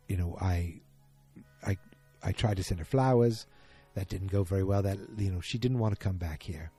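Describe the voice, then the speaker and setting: A man's voice: deep voice, mellow, slightly rough. A man hosting a casual solo podcast, recapping an episode in a rambling, self-correcting way. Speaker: podcast host.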